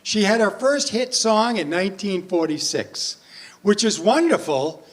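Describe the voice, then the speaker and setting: A man's voice: high voice, animated, unhurried. A male entertainer joking and chatting with a senior audience between sing-along songs at a live show. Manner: jokey, playful, chats with the audience. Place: performance room at a senior residence. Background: backing music.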